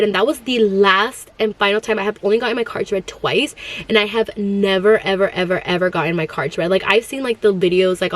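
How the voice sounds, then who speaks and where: A woman in her thirties telling a casual storytime, rambling with lots of filler words and sometimes dropping in Spanish phrases. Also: medium pitch. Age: 30s. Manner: rambling, heavy use of "like" fillers. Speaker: vlogger.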